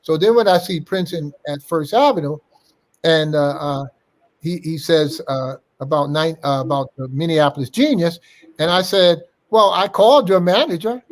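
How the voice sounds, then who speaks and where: A man's voice: on the high side, normal speed. Older man animatedly telling stories. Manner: animated anecdote-teller, acting out quoted dialogue. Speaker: interview guest. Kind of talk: storytelling interview.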